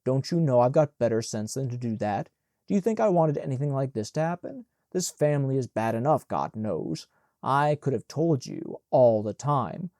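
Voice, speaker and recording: A man's voice: medium pitch, very animated, moderate pace, dark tone, no echo, studio quality. A man voicing a sulky, self-righteous young man who complains defensively. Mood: resentful.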